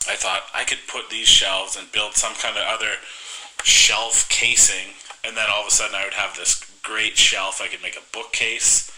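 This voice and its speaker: Young male co-host, casual and joking; lowish voice with a very bright tone. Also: steady tone, moderate pace, rough recording. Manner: joking, rambling storyteller. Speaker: podcast co-host. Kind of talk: casual chat.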